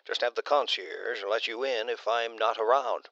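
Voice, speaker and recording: Gravelly coaxing man, as a narrator puts him on. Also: on the low side, normal speed, fairly bright tone, no room sound, lo-fi sound. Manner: coaxing, reassuring.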